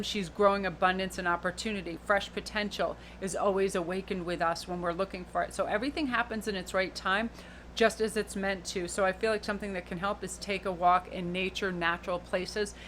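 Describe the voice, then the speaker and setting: A woman giving a pick-a-card tarot reading in an expressive, flowing, spiritual way. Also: mid-range voice, slight background noise. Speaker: tarot reader.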